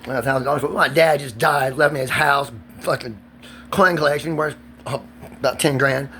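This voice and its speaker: A man's voice: mid-range voice, fairly even intonation, normal speed, bright, forceful tone, slight background noise. A man, ranting in a profane, agitated and rambling vlog monologue recorded outdoors. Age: 40s.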